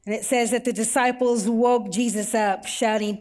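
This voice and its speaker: A woman's voice: on the high side, fairly even intonation, moderate pace, darkish tone. A middle-aged woman pastor delivers a sermon in a slightly raised voice. She tells the story vividly, mixing in everyday examples and rhetorical questions.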